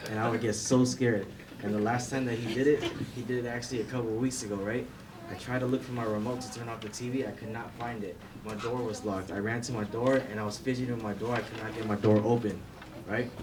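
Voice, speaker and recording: A man recounts a personal story at a memorial, pausing to check in with his listeners. His voice comes from a distance, with a noisy background. His pitch sits mid-range. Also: steady tone. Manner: storytelling, repeats "right?". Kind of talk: informal memorial speech. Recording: distant mic with clear background noise.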